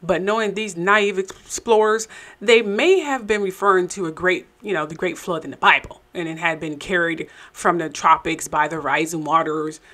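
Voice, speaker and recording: A woman's voice: lowish voice, normal speed, fairly bright tone. A woman hosting and narrating a commentary show, with sarcastic, skeptical asides. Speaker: show host.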